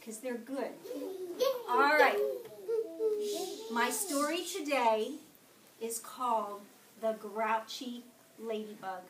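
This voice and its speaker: Slow, expressive woman storyteller. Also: fairly high pitch. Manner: slow and expressive, asking the children questions. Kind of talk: reading a picture book aloud to kindergartners. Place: classroom. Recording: echoey classroom from far off.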